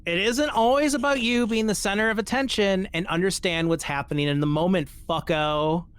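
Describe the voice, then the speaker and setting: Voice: mid-range voice, brisk, smooth. A podcast host reading a social media post aloud and mocking it, swearing casually and laughing between lines.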